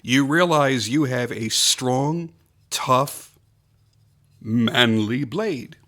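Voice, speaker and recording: A man's voice: medium pitch, extremely slow, pushed and bright. A man reviewing a pocket knife in a casual, enthusiastic way, stressing and repeating his points.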